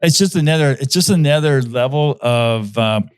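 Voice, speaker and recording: A man chats casually as a podcast guest, his voice sitting at an ordinary middle pitch. He hesitates often, restarting sentences and filling gaps with "um" and "you know." The recording is dry and close, with no room sound. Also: lively intonation, normal speed, smooth, no echo. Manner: hesitant, many fillers and restarts. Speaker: magician and mentalist guest.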